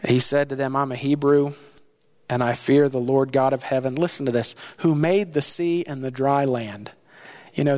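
A man preaching a sermon, animated, acting out the sailors' lines with sudden jumps in pitch and volume and laughing as he talks. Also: moderate pace. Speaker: pastor.

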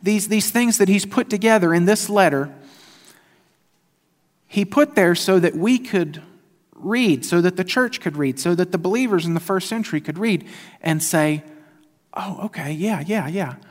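A male pastor giving a conversational, animated sermon, often laughing at himself. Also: high-pitched, normal speed, big-room sound.

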